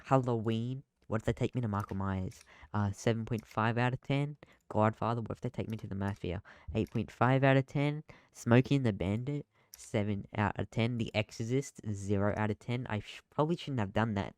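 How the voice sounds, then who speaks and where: A man's voice: fairly low pitch, a little fast, a little mellow, smooth, dry recording. Jittery young man podcasting from his room. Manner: jumpy, nervous and joking. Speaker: podcast co-host. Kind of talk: casual chat.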